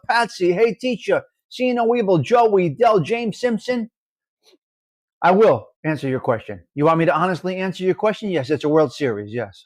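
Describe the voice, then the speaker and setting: A man's voice: high voice, no room sound, clean studio sound. A man hosting a casual live chat, greeting viewers by name and teasing them about their comments. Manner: animated, teasing, reads out viewer names and comments. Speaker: livestream host.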